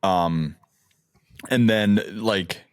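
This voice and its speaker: A man's voice: fairly low pitch, very slow, no room sound, clean studio sound. A young man co-hosting a casual podcast, telling rambling stories with lots of fillers and laughs. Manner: rambling, laughing, animated storytelling. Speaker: podcast co-host. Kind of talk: casual chat.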